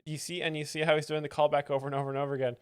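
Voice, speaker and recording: A man's voice: fairly high pitch, little pitch movement, racing, heavy background noise. A man hosting a live stream, giving dry, mock-professorial commentary on a stand-up clip. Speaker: host explaining jokes.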